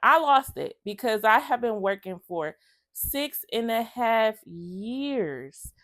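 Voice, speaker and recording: A woman's voice: on the high side, slow pace, no room sound. Emotional woman vlogger, chatty and direct. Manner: emotional, lively storytelling that acts out other people's lines; chatty, addresses viewers as y'all. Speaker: vlogger sharing her own story. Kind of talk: casual personal storytelling to camera.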